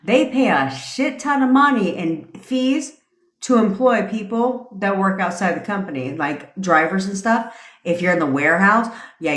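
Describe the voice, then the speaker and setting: A woman's voice: fairly low pitch, fairly bright tone. A woman hosting a live stream, telling stories in a brash, profane, casual rant. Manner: profane, brash storytelling with frequent laughs. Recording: echoey room.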